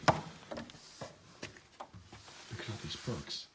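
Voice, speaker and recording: A man exploring an abandoned medical building and talking live to viewers on his phone, musing in a hushed, awed way as he reads book titles aloud. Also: very slow, very noisy. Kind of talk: rambling live-stream chat.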